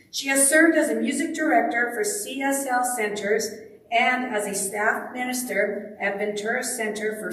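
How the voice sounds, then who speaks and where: A woman's voice: a little high, slight background noise. A woman introducing the guest minister at a church service, with friendly chuckling asides. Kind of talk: reading a speaker introduction. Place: church sanctuary. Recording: distant mic in echoey hall.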